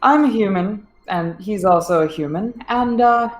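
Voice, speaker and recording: A woman's voice: mid-range voice, normal speed, roomy sound, soft background music. A woman playing a tabletop game, speaking in character with hesitant, formal phrasing. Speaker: player.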